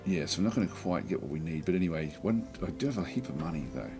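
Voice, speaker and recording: A man giving relaxed let's play commentary on a strategy game, thinking aloud with many fillers and restarts. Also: extremely low pitch, fast talker, music in the background.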